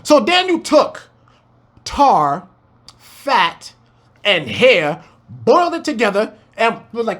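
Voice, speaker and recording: Fiery, lively high-voiced male preacher. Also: slow pace, long pauses. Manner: fiery, exclaiming, rhetorical questions, swearing. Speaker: preacher teaching scripture. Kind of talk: impassioned scripture breakdown.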